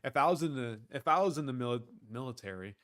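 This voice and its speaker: A man's voice: mid-range voice, animated, fast talker, fairly bright tone, no room sound, studio quality. A man hosting a livestream, reading chat and talking back to it in a rambling, profane, slangy way. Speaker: livestream host.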